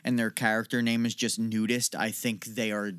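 A man's voice: on the low side, level tone, moderate pace, fairly bright tone, clean tone. Laid-back man co-hosting a podcast. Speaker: podcast co-host. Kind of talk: casual chat.

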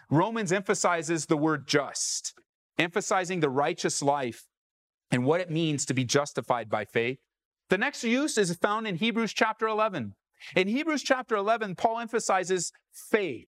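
Male pastor, sermon delivery, fairly high voice, dry close sound, punchy rhetorical questions. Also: a bit bright, no echo. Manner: emphatic, rhetorical questions to listeners.

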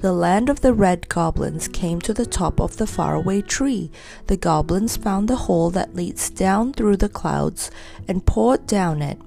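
A small, kindly red squirrel in a storybook, as a woman reading aloud puts it on, worried and eager to help. The voice is mellow and a little gravelly, close to a gentle reader's own. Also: on the low side, lively intonation, a little slow, faint music behind.

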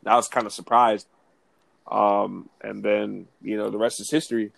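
A man talking in a relaxed, casual podcast chat, full of filler words. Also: fairly low pitch, normal speed, creaky, no room sound.

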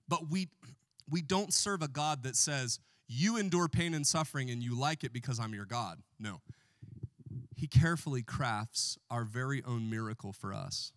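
A man's voice: medium pitch, fairly bright tone, dry recording, clean studio sound. A man preaching a sermon as pastor in a church, joking with the congregation and calling for responses.

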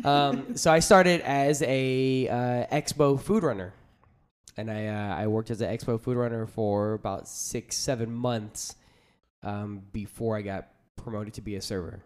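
A man talking as a guest on a casual podcast, with an ordinary mid-range pitch. He jokes freely and drifts through long stories, filling his speech with ums and uhs. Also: steady tone, measured pace, smooth. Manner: joking, rambling storyteller.

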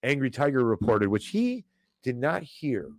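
Male host, casual stream commentary, animated rants at the chat, dry mic. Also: medium pitch, a little slow, no echo. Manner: animated, ranting, talks straight to chat viewers. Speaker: host of a financial commentary show.

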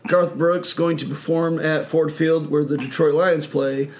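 A man from Michigan hosting a podcast, chatting casually, joking and swearing, and putting on high mocking voices for other people. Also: fairly even intonation, measured pace, darkish tone. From Michigan, USA. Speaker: podcast host.

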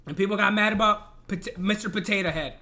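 A man's voice: high-pitched, a little fast, pushed and bright. A man in a casual, profane rant, talking in an exasperated and emphatic way. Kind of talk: casual ranting commentary.

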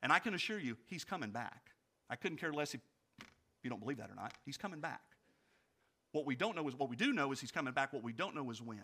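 A male pastor preaching a sermon, asking his congregation direct questions and swinging from loud storytelling to quiet reflection. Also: mid-range voice, fast talker, husky. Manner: animated storytelling, rising loud for anecdotes, dropping quiet for reflection.

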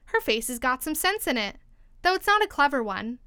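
A woman's voice: high voice, big pitch swings, fairly quick, bright, forceful tone, smooth, dry recording, studio quality, heavily acted. Woman voicing a prim, severe talking rose. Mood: condescending. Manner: severe, condescending.

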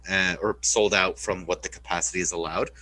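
Bright-voiced man, loose podcast chat. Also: deep voice, steady tone, brisk, poor audio. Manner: loose, profanity-laced, many filler "like"s.

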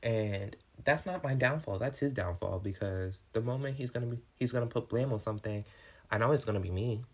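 In a relaxed vlog, a man who manages a restaurant recounts something that happened at work, talking at a medium pitch and a fairly quick pace. His telling is lively and full of swearing, moving back and forth between calm and agitated.

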